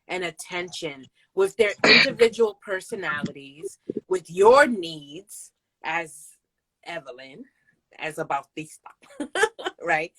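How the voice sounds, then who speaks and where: A woman's voice: on the low side, fairly bright tone, breathy edge, no room sound, low-quality recording. Effusive woman host, dry close mic. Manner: effusive, laughing, emphatic. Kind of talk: casual interview chat.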